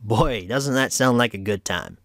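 A man's voice: lowish voice, measured pace, no echo, clean studio sound. A man hosting a casual home media review vlog, chatty and opinionated as he wraps up an episode. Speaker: movie reviewer, show host.

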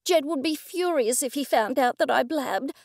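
A woman's voice: high-pitched, lively intonation, slow pace, vocal fry, mellow, no echo, clean studio sound, pitched above the performer's own voice, full character voice. A woman voicing a nervous, flustered lawyer's wife who pleads and trails off. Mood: nervous pleading.

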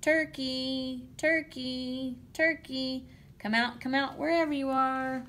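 A woman's voice: high voice, steady tone, takes it slowly, a bit bright, pitched above the performer's own voice. A woman voicing a farmer in a storybook, calling out in a sing-song way. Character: farmer calling for his turkey.

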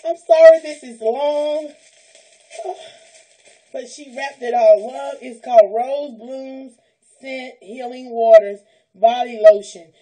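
A woman's voice: high voice, takes it slowly, warm tone, low-quality recording. A woman, opening gifts on a vlog, gushing and squealing and close to tears, calling out praise to God. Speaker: vlogger opening a gift package. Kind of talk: unboxing vlog, emotional chat.

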